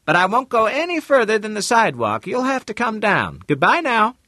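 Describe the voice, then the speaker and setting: A man voicing a brisk, plainspoken woman realtor in an audiobook, chatty and folksy. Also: high-pitched, sing-song, bright, forceful tone, no room sound, studio quality, pitched above the performer's own voice, full character voice. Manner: chatty, folksy, drops into slang. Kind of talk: audiobook character reading.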